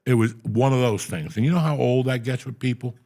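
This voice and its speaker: A man's voice: medium pitch, a little fast, warm tone. A man guest telling profane, blunt stories in a casual interview. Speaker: guest comedian.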